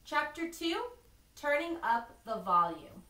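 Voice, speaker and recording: A woman teacher reading a lesson to young children, slow and clearly enunciated, encouraging them to repeat after her. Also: high voice, sing-song, pushed and bright, recorded from a distance. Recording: echoey room, a bit off-mic.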